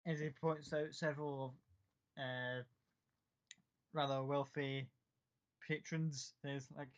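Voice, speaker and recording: A man's voice: medium pitch, little pitch movement, slow, clean tone. Man running a tabletop game, lo-fi. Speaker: game master. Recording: dull lo-fi sound.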